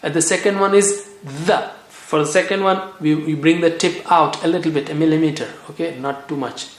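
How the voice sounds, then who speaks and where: A man's voice: fairly high pitch, fairly even intonation. Patient man drilling sounds in an echoey room. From South Asia. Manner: patient, repeats each sound slowly for drilling. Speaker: Quran reading teacher. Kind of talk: recorded language lesson.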